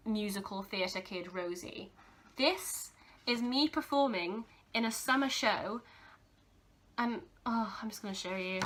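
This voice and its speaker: A woman's voice: a little high, a bit bright. A young woman vlogging casually, gushing and giggly as she goes through keepsakes, teary-eyed and sentimental. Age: young adult. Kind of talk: casual vlog chat.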